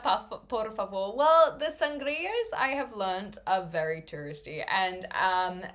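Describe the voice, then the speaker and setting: A woman's voice: mid-range voice, fairly bright tone. Rambling, giggly woman streamer. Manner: chatty, rambling, many fillers, laughs often. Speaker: live streamer. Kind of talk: casual chat with viewers.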